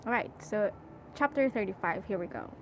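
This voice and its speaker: A woman's voice: mid-range voice, very animated, fairly quick, a little hiss or hum, low-quality recording. Emotional young woman reading a novel aloud. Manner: emotional, self-correcting, chatty. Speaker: audiobook reader.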